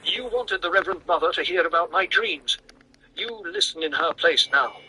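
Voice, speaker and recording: A man's voice: high-pitched, lively intonation, normal speed, pushed and bright, slight background noise, voice pushed up, exaggerated voice, rough recording. Brief: bitter, tormented young man, raised and tense, read by a man. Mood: intense. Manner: intense, rising to near hysteria.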